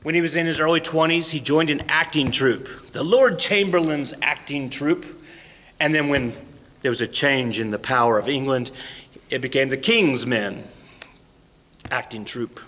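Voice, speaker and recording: A man delivers a keynote speech in a playful, theatrical storytelling manner. His voice is bright and forceful. It rings with the long reverb of a high school auditorium. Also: normal speed. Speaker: keynote speaker at a school induction ceremony. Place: high school auditorium, stage and control booth.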